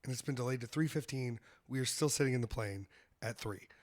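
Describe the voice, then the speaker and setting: A man's voice: medium pitch, a little fast, darkish tone. Guy hosting a comedy podcast, swears a lot, laughs mid story. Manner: loose, profane storytelling with frequent laughs. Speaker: podcast host. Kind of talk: casual comedic chat.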